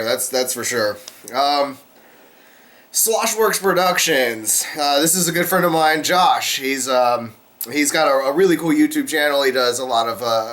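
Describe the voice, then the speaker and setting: A man hosting a casual beer vlog, talking in a relaxed, rambling way with lots of fillers while he sips beer. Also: mid-range voice. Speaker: beer review vlogger, channel host. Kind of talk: casual chat to camera.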